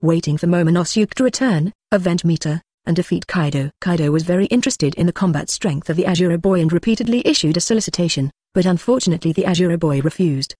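A synthetic-sounding narrator reading a translated novel in an even, uninflected way. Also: mid-range voice, fast, few pauses, no echo, clean studio sound. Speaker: audiobook narrator. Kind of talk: scripted narration.

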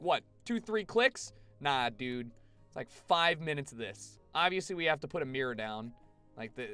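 A man's voice: fairly high pitch, a bit bright, clean tone. A young man giving casual, chatty gameplay commentary to his live chat, swearing freely. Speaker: streamer.

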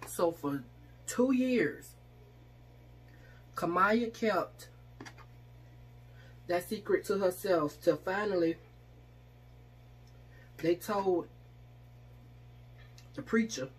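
A woman's voice: fairly low pitch, very slow, pauses often, slightly rough. A woman in casual storytelling style, speaking, acting out the people she quotes while eating on camera. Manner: chatty, acts out quoted voices, eating while talking. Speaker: vlogger.

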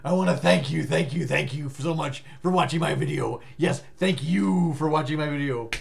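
A man's voice: on the high side, normal speed, gravelly. A tired man vlogging in a rambling, stammering way, breaking into silly sing-song riffs. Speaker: life coach vlogger. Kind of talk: rambling casual vlog.

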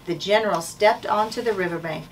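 A woman school administrator reading a children's chapter book aloud in a steady, clear way. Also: medium pitch, brisk. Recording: distant mic, faint noise.

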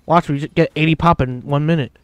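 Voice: mid-range voice, steady tone, quick pace, smooth, no echo. A young gaming video host giving casual commentary, who keeps breaking into laughter and exclaiming, and swears freely while saying "dude.".

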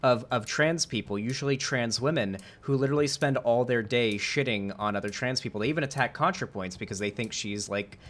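A man's voice: medium pitch, a little fast, few pauses, fairly bright tone. A man hosting a casual debate with a viewer, talking in a rambling way with many fillers and restarts. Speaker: host.

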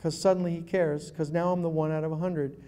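A man's voice: fairly high pitch, flat delivery, fast talker, warm tone. A man giving a humorous talk to a live audience as a guest speaker, telling stories and acting out phone calls.

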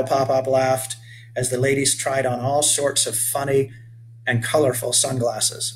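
An older man reads his own children's story aloud at an even, mid-range pitch. He slows down to explain words to young listeners. A faint hum runs underneath. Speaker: author reading his children's book.

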